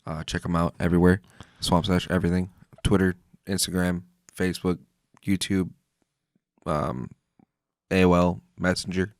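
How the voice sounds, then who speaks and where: A man's voice: deep voice, flat delivery, moderate pace, long pauses, no echo, clean studio sound. A man co-hosting a casual podcast, laid-back and chiming in with short reactions. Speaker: podcast co-host.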